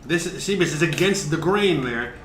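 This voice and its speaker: A man's voice: a little high, expressive, moderate pace, roomy sound, noisy background. A man hosting a casual cooking livestream, chatting and explaining each step, cursing now and then. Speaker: cooking show host.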